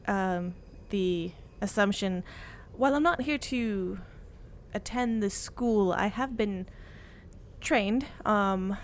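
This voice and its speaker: A woman's voice: mid-range voice, creaky, a little hiss or hum. A woman voicing her own character, an earnest, polite young woman adventurer who hesitates and searches for words.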